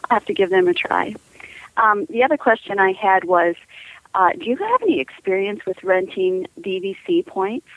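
A woman's voice: medium pitch, animated, moderate pace, dry recording, phone-quality sound. A woman from Illinois calling into a live show, chatty and friendly as she asks her questions. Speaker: caller. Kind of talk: phone call into a show.

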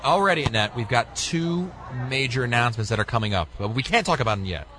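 A man's voice: mid-range voice, expressive, quick pace. A man hosting a live radio show, chatting casually and laughing often as he takes calls.

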